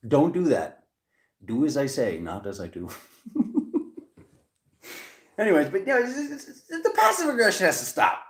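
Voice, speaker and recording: A man's voice: lowish voice, very animated, brisk, long pauses. A man giving a casual, chatty tarot reading to camera. He rambles playfully, with jokey asides and laughter. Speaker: tarot reader. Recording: echoey room.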